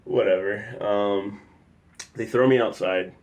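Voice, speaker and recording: A young man from the Chicago area tells a personal story in a loose, rambling way with lots of fillers, now and then bursting into loud acted quotes. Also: fairly low pitch, takes it slowly, a little hiss or hum. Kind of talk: casual spoken storytelling.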